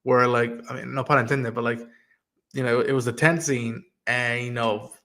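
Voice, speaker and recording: A man hosting a casual live-streamed podcast, retelling scenes quickly and acting out the lines. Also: medium pitch. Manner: quick, animated retelling of scenes with acted-out quotes. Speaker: podcast host.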